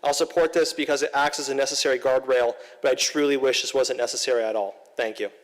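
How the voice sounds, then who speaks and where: A man giving formal, measured prepared remarks at a council meeting. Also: medium pitch, steady tone, in a large hall, poor audio. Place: council chamber.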